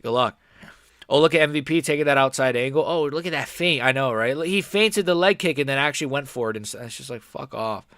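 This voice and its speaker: A man's voice: mid-range voice, a little fast, fairly bright tone, no echo, clean studio sound. Young man ranting on a livestream. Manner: frustrated, profane, rambling with many fillers. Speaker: livestreamer watching a fight. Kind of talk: casual live-stream reaction commentary.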